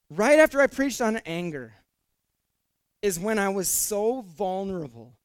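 A man's voice: high-pitched, clean tone, no echo. A middle-aged male pastor preaching a sermon in a conversational way, with fillers and repeated words, rising to emphatic peaks.

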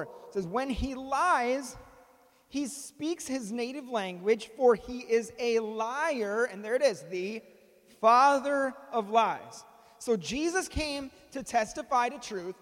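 Guy preaching a sermon, high voice, slows down for big points, big echoey church hall. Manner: animated storytelling with dramatic pauses. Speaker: pastor.

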